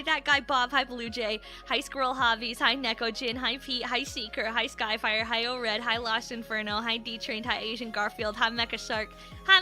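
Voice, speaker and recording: A woman's voice: sits high, sharp tone. A woman livestreamer chatting casually with viewers, rambling with lots of "like" fillers. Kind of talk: casual chat.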